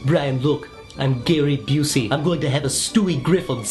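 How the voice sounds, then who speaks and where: A man's voice: a little high, normal speed, darkish tone, faint music behind, natural voice. A man imitating a posh, scheming cartoon baby boy in a clip played on stream, with a fussy, clipped manner. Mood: sneering.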